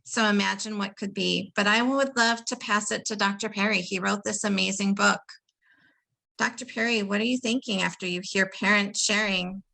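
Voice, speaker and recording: A woman's voice: mid-range voice, steady tone, moderate pace, creaky, pushed and bright, poor audio. A woman hosting a webinar over a video call, enthusiastic and addressing the audience as "y'all". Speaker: webinar host.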